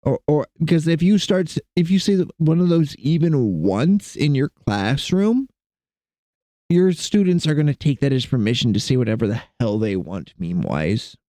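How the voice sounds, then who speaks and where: A man's voice: fairly high pitch, animated, normal speed, dark tone, no room sound. Chatty young man streaming from home. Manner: rambling, joking, chatting to his cats. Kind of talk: casual live-stream chat. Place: home computer desk.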